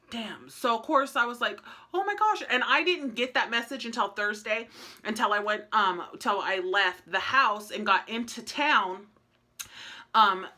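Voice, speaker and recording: A woman's voice: a little high, bright, forceful tone. A woman vlogger telling a personal story in a rambling, casual way, full of fillers and acted-out bits of conversation. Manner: chatty and rambling, filler-heavy with frequent "like"; acts out conversations in quoted voices. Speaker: family vlogger.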